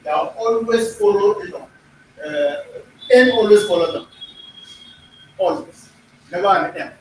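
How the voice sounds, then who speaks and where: A man's voice: sits high, lively intonation, unhurried. A man teaching a language lesson in a classroom, repeating himself and often checking that the class is following. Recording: echoey room, distant mic, faint noise.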